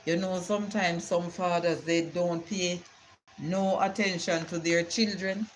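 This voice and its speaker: A woman's voice: fairly low pitch, steady tone, a little slow, rough recording. An older grandmother talks to her live-stream audience. She rambles from one anecdote to the next and quotes scripture along the way. A faint ambient hum sits under her voice. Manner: rambling storytelling with Bible sayings. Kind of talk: casual live-stream chat.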